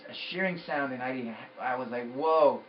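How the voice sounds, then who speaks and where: A man's voice: mid-range voice, a little fast, distant mic, dull audio, slight background noise. A man giving an intense, emphatic personal testimony about a vision. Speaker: storyteller.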